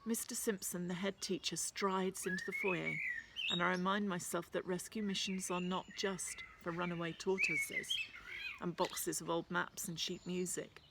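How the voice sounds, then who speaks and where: Woman narrating a storybook over loud noise. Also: fairly low pitch, creaky. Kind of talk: first-person storybook narration.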